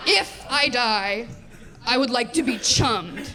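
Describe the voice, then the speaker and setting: A woman voicing a calm, matter-of-fact middle-aged mother who talks slowly and flatly about odd wishes. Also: on the high side, background noise. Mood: deadpan.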